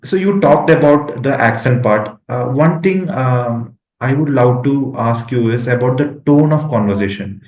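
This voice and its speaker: A man hosting an interview, his voice sounding roomy and echoey. He asks his questions casually and hesitantly, restarting phrases and filling pauses often. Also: mid-range voice, a little mellow. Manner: hesitant, many fillers and restarts. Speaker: interview host. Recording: echoey room.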